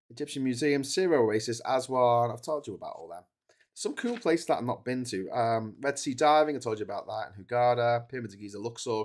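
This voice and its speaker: Tired rambling man. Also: fairly low pitch. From Liverpool. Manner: rambling, chatty, full of fillers. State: tired from staying awake. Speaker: livestream host. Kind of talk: casual livestream chat.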